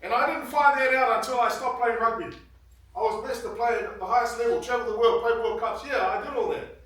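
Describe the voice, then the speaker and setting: A man's voice: extremely high pitch, fairly quick, fairly bright tone, far from the mic. A man in his fifties, a former rugby player, giving an earnest motivational speech to students in a large hall. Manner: earnest storytelling, grows emotional. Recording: very echoey hall, heard from afar.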